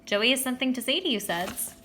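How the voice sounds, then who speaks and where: A woman's voice: sits high, lively intonation, quick pace, noisy background, pitched above the performer's own voice. A woman reading the lines of a cheerful but firm neighbor mother scolding her son.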